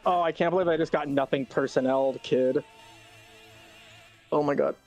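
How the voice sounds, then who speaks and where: A man playing a fighting game with a friend, swearing a lot and yelling in frustration. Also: on the high side, fairly even intonation, moderate pace, faint music behind. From Latino. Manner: swears constantly, yells in frustration. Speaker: gaming YouTuber. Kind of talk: casual gameplay banter.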